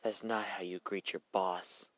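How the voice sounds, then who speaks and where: A man's voice: low voice, little pitch movement, a little slow, a bit bright, no room sound. A man voicing a cold, commanding young villain leader in a fan story. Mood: menacing.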